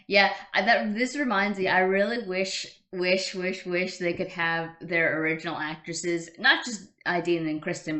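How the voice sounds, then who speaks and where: Woman, lowish voice, casual fan chatter, gushing, echoey room. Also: fairly bright tone. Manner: chatty, gushing, fond of throwbacks. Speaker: host reacting to clips. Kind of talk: casual fan reaction commentary.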